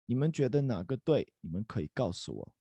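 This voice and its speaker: A man teaches a live online language class over a video call, casual and encouraging, full of little fillers. His pitch swings a lot as he explains. The sound is close and dry, with no room around it. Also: sing-song, fast talker, dark tone, slightly rough, dry recording.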